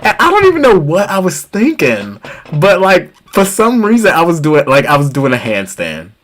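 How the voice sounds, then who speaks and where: A man's voice: sits high, normal speed. A man co-hosting a podcast, telling a childhood story in casual chat and laughing through it. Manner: animated storyteller who laughs through his anecdotes. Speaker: podcast co-host.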